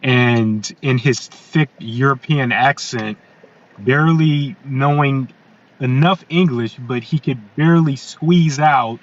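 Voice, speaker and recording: A man telling his own story as a podcast guest. He talks in a halting conversational way, restarting and repeating words. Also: medium pitch, dull audio.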